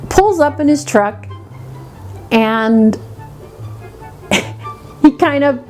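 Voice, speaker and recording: Woman beauty vlogger, casual storytime chat, lively storyteller, slightly high pitch. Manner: animated storyteller acting out quoted voices.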